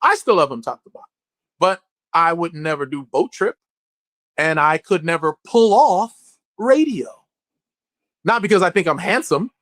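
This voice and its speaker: A man speaking as an actor in a candid interview, blunt and profane, telling stories in an animated way. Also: on the high side, moderate pace, pauses often, no room sound.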